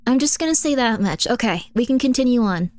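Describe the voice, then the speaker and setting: A woman's voice: on the high side, lively intonation, fairly quick, darkish tone, faint music behind. A woman streamer chatting casually with her audience, rambling through fillers and laughing often. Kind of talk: casual chat, reacting to chat and videos.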